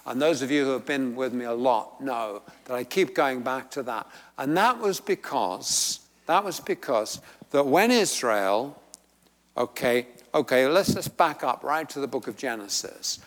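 A man's voice: mid-range voice, expressive, a little slow, fairly bright tone. A man teaching a Bible study in a church, talking conversationally and rising into emphatic bursts. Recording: long hall reverb.

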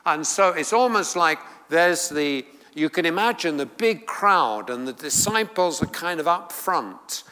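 Slow-speaking preacher man in a reverberant hall. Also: on the high side, expressive, sharp tone. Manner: halting, many fillers and restarts, emphatic quotes. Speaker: preacher teaching on the Beatitudes. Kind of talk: sermon teaching.

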